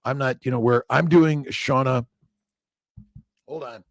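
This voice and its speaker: A man's voice: mid-range voice, steady tone, a little slow, no echo, clean studio sound. A middle-aged man, a doctor hosting a morning livestream, talking loosely and repetitively as he reads viewer comments, preachy and casually swearing.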